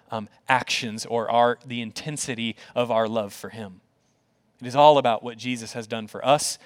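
A male pastor preaching a sermon in an earnest, conversational way, with rhetorical questions and repeated words, dropping to a soft, quiet voice for tender points. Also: mid-range voice.

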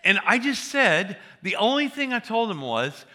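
A man's voice: sits high, lively intonation, normal speed, pushed and bright. An older man preaching a sermon, telling folksy stories and joking with the congregation. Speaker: pastor.

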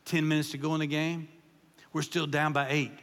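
A man tells folksy, joking stories as a guest preacher. His voice sits high and sounds bright and forceful. Long reverb from a large church hall trails behind every phrase. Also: a little fast, gravelly. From Kentucky. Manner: folksy, joking, animated storytelling. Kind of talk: humorous sermon storytelling.

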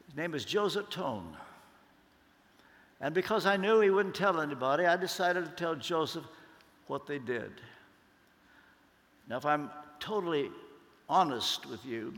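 A man preaching a sermon, slow and deliberate, leaning on emphatic pauses. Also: a little high, a bit bright. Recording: long hall reverb.

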